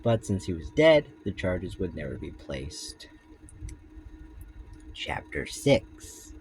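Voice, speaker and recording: Guy reading his own story out loud, deep-ish and slow, trips over words and fixes them. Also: big pitch swings, faint music behind, rough recording. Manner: informal, with restarts and self-corrections. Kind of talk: casual read-aloud narration.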